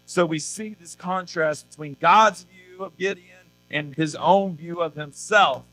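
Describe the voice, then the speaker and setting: Youth pastor guy preaching, casual and chatty, kinda high voice, lots of "right?". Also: unhurried, fairly bright tone, faint music behind, poor audio. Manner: casual, conversational, asks rhetorical questions. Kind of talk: youth sermon. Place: church youth service.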